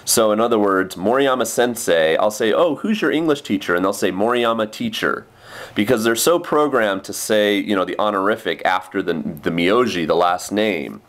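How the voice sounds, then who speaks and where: A young man with a fairly low voice rambles through a casual vlog about his day teaching English. He talks loosely, full of fillers and little asides. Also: normal speed, few pauses, a bit bright. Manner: chatty, with many fillers and quoted kid voices.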